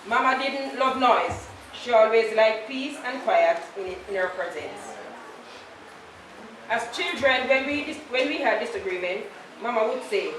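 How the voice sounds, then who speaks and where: Jamaican woman, 50s, eulogy, fairly high voice, very echoey church, distant mic. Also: unhurried, a bit bright, slight background noise. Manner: anecdotal storytelling, slips into patois quotes. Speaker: eulogist, daughter of the deceased. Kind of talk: funeral eulogy. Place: large church.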